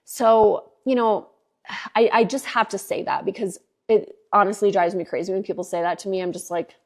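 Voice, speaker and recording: A woman in her forties hosts a podcast, telling a personal story in a loose, candid way. Her voice sits at a middling pitch, and her talk is animated and full of fillers. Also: moderate pace. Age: 40s. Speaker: podcast host. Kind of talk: casual storytelling chat.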